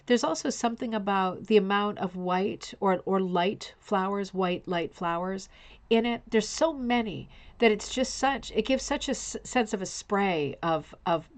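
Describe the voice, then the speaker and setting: A woman's voice: mid-range voice, measured pace. Effusive woman hosting a livestream. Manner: effusive, admiring, addresses viewers by name. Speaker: host of a live online show. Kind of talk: casual livestream commentary.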